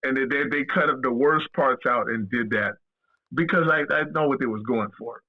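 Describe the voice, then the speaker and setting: Husky man telling stories over a phone line. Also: medium pitch, moderate pace. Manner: animated, profane, acts out quoted dialogue. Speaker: guest. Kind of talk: casual storytelling. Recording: tinny phone-line audio.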